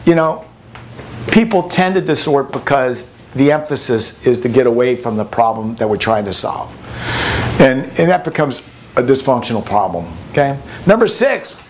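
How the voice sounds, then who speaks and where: Against a noisy background, a man with a medium-pitched voice presents a relationship workshop to a group. He teaches conversationally, telling stories and often repeating words as he restarts sentences.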